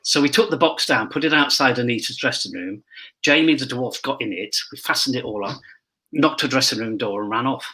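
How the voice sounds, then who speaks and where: A man's voice: medium pitch, brisk, pushed and bright, low-quality recording. A man who performs as a pantomime dame, telling rambling backstage anecdotes in casual chat and admitting he talks too much.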